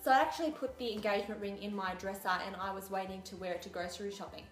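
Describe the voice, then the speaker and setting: A woman's voice: mid-range voice, steady tone, quick pace. Young aussie woman vlogging, chatty and sarcastic, echoey room. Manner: chatty, sarcastic, acts out quoted lines. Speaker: beauty vlogger. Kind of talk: casual storytelling vlog. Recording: echoey room with faint music.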